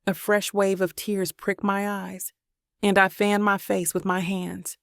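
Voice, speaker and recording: A woman narrating a romance audiobook in first person, measured and steady. Her voice has a gravelly fry and barely rises or falls. The sound is dry and close to the mic. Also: medium pitch, no echo.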